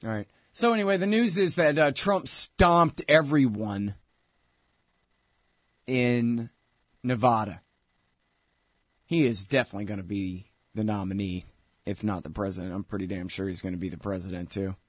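A man's voice: lowish voice, normal speed, pauses often, no room sound. Sarcastic guy hosting a talk show, rambly and blunt, dry close sound. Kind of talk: casual political talk and ad reads.

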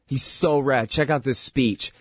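A man hosting a talk show, giving a sarcastic, animated political monologue that is full of mocking impressions. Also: measured pace, breathy edge, no room sound, studio quality. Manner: animated, rising pitch when exasperated. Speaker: radio host.

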